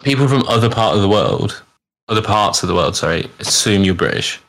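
A low-voiced man hosting a casual podcast chat. He jokes around, swears freely and slips into playful accent impressions as he talks. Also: expressive, a little fast, creaky, a bit bright. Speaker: podcast host.

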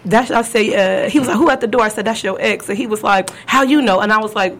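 A young woman from California, hosting a casual chat and telling a story with lively quoted voices. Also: fast. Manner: animated, acts out quotes with big pitch jumps. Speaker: podcast host.

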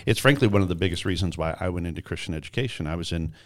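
A man hosting a podcast interview, telling a story in a lively way and acting out the quoted voices. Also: low-pitched, racing. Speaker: podcast host.

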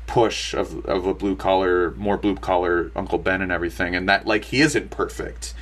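A man's voice: sits low, fairly even intonation, normal speed, fairly bright tone. A young man co-hosting a casual movie review chat, rambling with lots of fillers and restarts. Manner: rambling, many fillers and restarts, laughs often. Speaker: podcast co-host.

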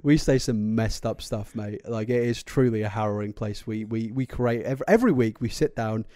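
A man's voice: lowish voice, moderate pace, mellow, no room sound, clean studio sound. A young British man co-hosting a podcast in casual banter, swearing, laughing and restarting his sentences. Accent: British English. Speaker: podcast co-host.

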